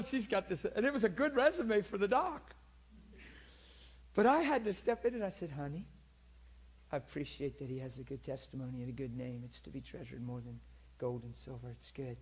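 Husky, slightly high-voiced male preacher, lively and playful, storytelling sermon. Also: normal speed. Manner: lively, teasing, laughs often, swings from quiet to loud. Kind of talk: sermon storytelling about healings.

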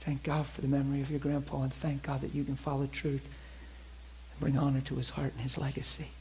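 Animated male preacher telling a story. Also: medium pitch, brisk, dull audio, slight background noise. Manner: animated storyteller acting out quoted people. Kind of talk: sermon storytelling.

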